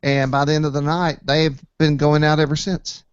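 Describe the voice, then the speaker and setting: Animated man telling a story. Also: moderate pace, clean tone, dry recording, lo-fi sound. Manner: animated storyteller, jumps to high pitch when quoting people. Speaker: host, site admin. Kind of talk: casual chat, storytelling.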